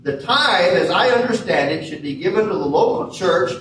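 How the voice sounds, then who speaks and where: A man preaching a sermon as pastor in a church sanctuary, measured and leaning hard on key words. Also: high voice, lively intonation, fairly bright tone, slight background noise. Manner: measured preaching with emphatic stresses. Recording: echoey hall from far off.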